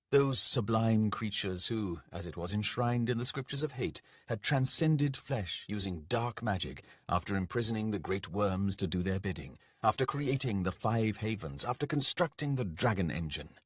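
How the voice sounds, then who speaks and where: A man narrating a dark fantasy audiobook in a measured, dramatic way. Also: lowish voice, husky, no echo, clean studio sound.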